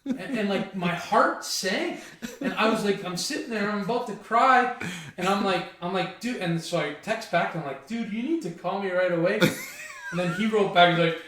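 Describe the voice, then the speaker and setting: A man's voice: high-pitched, normal speed, pushed and bright, a little hiss or hum. A man, a former goalkeeper telling stories as a guest on a casual podcast, quoting himself and his friends. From Windsor, Canada. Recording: very echoey, distant from the mic.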